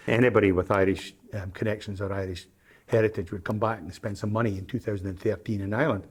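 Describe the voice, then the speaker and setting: A man's voice: on the low side, darkish tone, breathy edge. An older man, telling stories as an interview guest, rambling and hesitant with frequent ums and restarts. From Scotland, Isle of Arran. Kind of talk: anecdotal storytelling in an interview.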